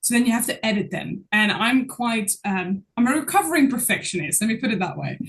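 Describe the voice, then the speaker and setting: A woman guest talking as a public speaking coach in a casual interview, expressive and laughing often as she speaks. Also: fairly high pitch, fairly quick.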